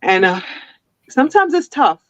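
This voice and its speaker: A woman's voice: high-pitched, sing-song, normal speed, no room sound. Chatty woman on a dull video call. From an island. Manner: chatty, laughs often, many restarts. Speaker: guest. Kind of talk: casual interview chat. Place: home with a forest backdrop.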